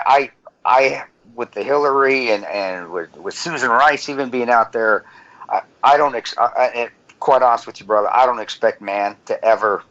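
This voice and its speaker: A man co-hosting a podcast, talking earnestly with many halting restarts, on dull lo-fi audio. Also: lowish voice, fairly bright tone. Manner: halting, repeats words, earnest. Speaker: podcast co-host. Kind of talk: casual conversation.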